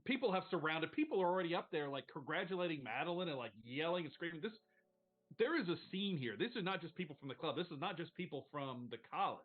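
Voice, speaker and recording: A man's voice: fairly high pitch, animated, fast, phone-quality sound. A man running a tabletop game as game master, narrating casually, rambling and swearing freely.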